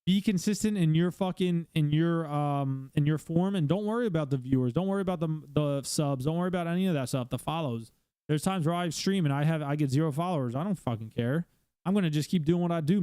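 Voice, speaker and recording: A man's voice: fairly high pitch, mellow, clear, resonant tone, no echo. A male streamer hosting his own podcast, giving blunt casual advice with lots of swearing and fillers, talking from a room at home.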